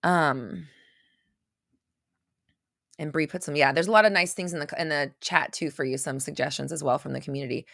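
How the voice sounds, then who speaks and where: A low-pitched woman talks at normal speed with vocal fry, frequent pauses and a slightly bright tone; the studio-quality audio has no room sound. In unscripted livestream talk she takes viewer questions, blunt and intense, and keeps repeating phrases for emphasis.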